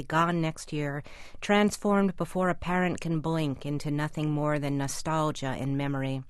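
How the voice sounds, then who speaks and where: A woman with a very low voice reads her own commentary slowly and reflectively. The recording is dry and close, with no room sound. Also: no echo. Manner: reflective, measured reading. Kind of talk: scripted personal essay.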